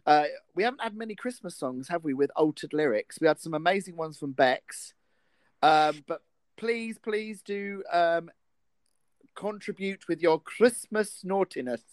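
A man co-hosting a comedy show with a high, lively voice that swoops up and down as he trades quick jokes. The sound is dry and close, with no room around it. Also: no echo. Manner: jokey, animated, quick asides. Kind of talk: casual comedic banter.

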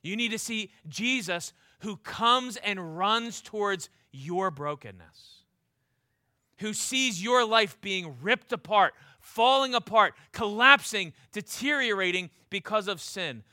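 A man preaching a sermon with passion, pressing his listeners with repeated rhetorical questions and stumbling into quick restarts. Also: sits high, expressive, pushed and bright, dry recording, clean studio sound.

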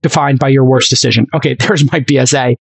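Animated, emphatic man co-hosting a podcast. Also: medium pitch, fast, gravelly, husky, dry recording. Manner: animated, emphatic, rambling with fillers. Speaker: podcast co-host. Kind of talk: casual chat.

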